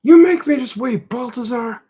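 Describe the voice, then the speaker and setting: A man doing a shrill, bossy inner critic. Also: moderate pace, slight background noise. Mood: taunting. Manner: shouty, taunting.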